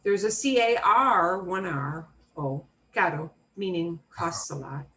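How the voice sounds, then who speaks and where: A woman teaching a beginner Spanish class, modeling words slowly and repeating them for students. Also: on the low side, animated, sharp tone, low-quality recording. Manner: slow, clearly modeled pronunciation with repetition drills.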